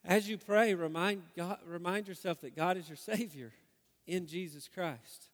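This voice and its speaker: A middle-aged man preaching a sermon and leading a prayer, earnest, swinging from loud urging to hushed prayer. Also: high-pitched, unhurried. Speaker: pastor. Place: church hall. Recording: long hall reverb.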